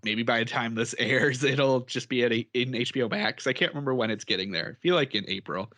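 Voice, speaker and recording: Talking a little fast in a fairly bright, medium-pitched voice, a male podcast co-host rambles through casual chat, chatty and laughing often.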